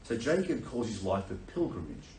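A man preaching a sermon, telling a Bible story in a lively way and acting out the characters with laughter. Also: fairly low pitch, normal speed, slight background noise. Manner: animated storytelling, acts out voices with laughter. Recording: echoey room, voice from a distance.

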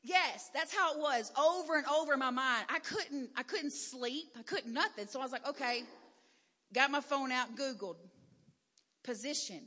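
A woman giving a candid sermon testimony in a church, talking plainly and rising to loud, emphatic declarations. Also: sits high, moderate pace. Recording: long hall reverb.

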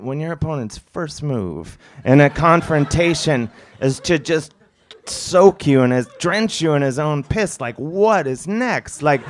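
A man spins a rambling stand-up story, animated and self-mocking, full of fillers and restarts. His voice sits in an ordinary middle range. He is heard from a live stage. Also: medium pitch. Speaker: comedian telling a story.

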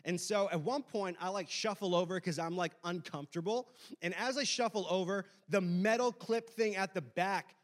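A man's voice: sits high, normal speed. A young adult man preaching a sermon, reading scripture and praying, then telling a self-deprecating story with lots of fillers. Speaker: pastor.

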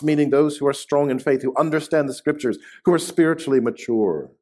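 A man preaching a sermon in a church, emphatic, slowing down and dropping his voice to stress key words. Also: on the high side, a little mellow. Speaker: pastor. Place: church sanctuary.

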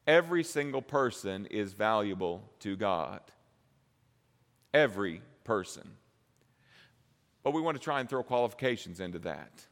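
A man preaching a sermon, moving from low, slow passages to loud, high-pitched crescendos. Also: sing-song. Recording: long reverb of a hall.

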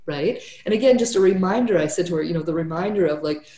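Chatty woman therapist, lowish voice, echoey room. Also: fast, mellow. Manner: chatty, peppered with "right?" and "you know". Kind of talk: casual podcast conversation.

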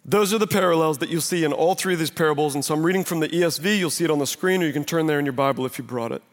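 A man's voice: on the high side, very fast. A man preaching a sermon as pastor, conversational and emphatic, full of rhetorical questions. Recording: long hall reverb.

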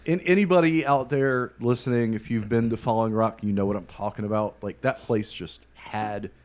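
A man's voice: fairly low pitch, normal speed. Rambling man co-hosting a beer podcast. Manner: rambling, trailing off with fillers and restarts. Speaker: podcast co-host. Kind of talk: casual chat.

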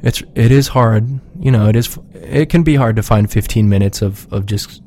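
A man's voice: fairly low pitch, normal speed, mellow, slight background noise. A man chatting casually on a podcast he is a regular of, rambling and swearing freely in a laid-back way.

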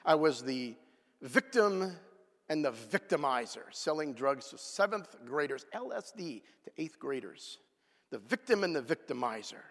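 Guy preaching, highish voice, super lively ups and downs, big echoey hall. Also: unhurried. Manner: animated, swings between loud outbursts and hushed asides. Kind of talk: sermon. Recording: long hall reverb.

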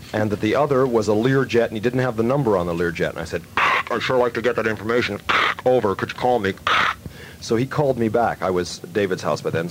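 Rambling male storyteller, lively. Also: lowish voice, a little hiss or hum, poor audio. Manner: rambling, animated storyteller who acts out phone calls. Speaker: radio show host. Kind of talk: loose studio chat and storytelling.

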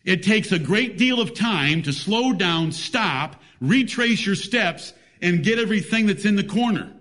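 A man with a fairly high voice preaches a sermon. He speaks emphatically and reads scripture in old-fashioned biblical wording. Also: lively intonation, measured pace, fairly bright tone.

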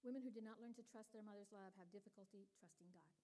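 A woman's voice: mid-range voice, fast, dark tone, low-quality recording. An older woman delivering a sermon to women in an earnest, personal teaching tone. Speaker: women's ministry speaker.

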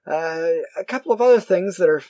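A man chatting casually about movies as a podcast co-host, rambling and self-mocking with animated asides. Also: sits high, brisk, no echo.

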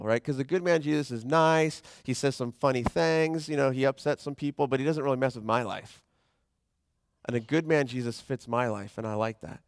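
A man's voice: medium pitch, moderate pace, no room sound. A man preaching a sermon in a plain, conversational tone with a mid-range voice. He acts out quoted voices as he goes. The sound is close and dry. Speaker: pastor.

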